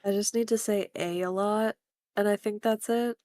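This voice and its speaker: A woman's voice: medium pitch, fairly even intonation, moderate pace, dark tone, no echo. A woman playing a tabletop game on a live stream, chatting in a self-deprecating way. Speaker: player. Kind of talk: casual chat during a tabletop game.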